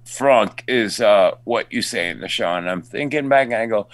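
A man, an actor being interviewed, telling animated anecdotes with many restarts and acting out the people he meets. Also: lowish voice, moderate pace. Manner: animated storyteller, acts out fans, stammering restarts. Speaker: actor guest. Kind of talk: casual interview storytelling.

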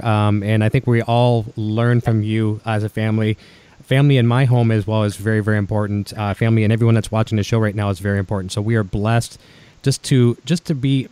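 A Canadian man hosting a chat show, talking quickly and warmly with a deep, mellow voice. His voice sounds dry and close, with no room echo. He comes across as upbeat and full of praise. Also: fairly even intonation, clean tone. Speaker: show host. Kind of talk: casual video-call chat.

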